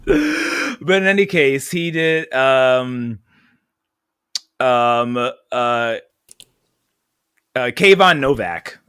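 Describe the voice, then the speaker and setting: Male host, unhurried, hesitant delivery with plenty of ums, easygoing livestream chat. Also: mid-range voice, sing-song, fairly bright tone, smooth, no room sound, clean studio sound. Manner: halting, full of fillers, laughs easily. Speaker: stream host.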